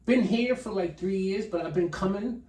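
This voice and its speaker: Animated New York City storyteller, higher voice with a mellow tone, recorded off-mic in a roomy space. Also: male voice, moderate pace. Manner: animated, acts out dialogue in street slang. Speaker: podcast guest, chef. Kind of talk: casual storytelling. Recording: echoey room, mic at a distance.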